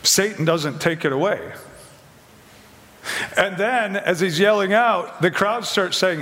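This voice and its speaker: A man with a fairly high voice preaching a conversational sermon. He asks questions and slips into quick acted-out lines from his story. His voice rings out in a hall with long reverb. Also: bright, forceful tone.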